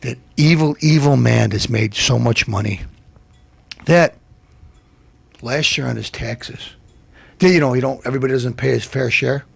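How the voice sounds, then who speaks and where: A man's voice: mid-range voice, moderate pace, creaky, pauses often, husky, dry recording. A man hosting a TV comedy show, delivering a brash, mocking insult rant and laughing at his own jokes. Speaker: TV show host.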